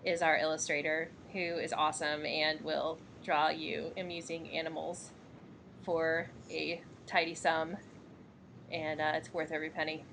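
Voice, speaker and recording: A woman's voice: low voice, little pitch movement, unhurried, vocal fry, a bit bright, a little hiss or hum. A woman from Missouri in her thirties, co-hosting a podcast in casual chat, giggly and rambling with fillers. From Missouri, USA. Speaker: podcast co-host.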